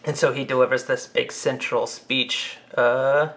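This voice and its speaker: A man's voice: measured pace, a little hiss or hum. A man in a casual film discussion, talking with fillers and acting out scenes he describes. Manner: animated, acts out quoted lines with big pitch jumps.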